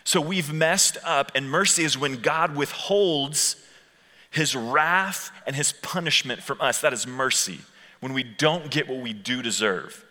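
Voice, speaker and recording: Youth pastor guy preaching to students, bright forceful voice, chatty, acts out little quotes, big hall echo. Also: medium pitch. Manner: conversational, acts out quotes, slows for key points. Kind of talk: sermon to students. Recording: long hall reverb.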